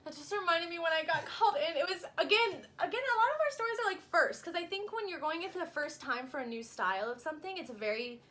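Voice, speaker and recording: A young woman with a high, bright, sharp voice co-hosts a casual chat vlog. She tells her stories animatedly, leaning on "like" and laughing often. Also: fast, hardly any pauses. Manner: animated storyteller, many "like" fillers, laughs often. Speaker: co-host.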